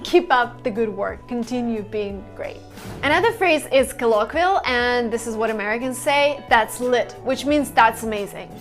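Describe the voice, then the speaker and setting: A woman teaching everyday phrases in a casual lesson, acting out the examples with lively expression. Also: on the high side, normal speed, over music. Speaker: English teacher.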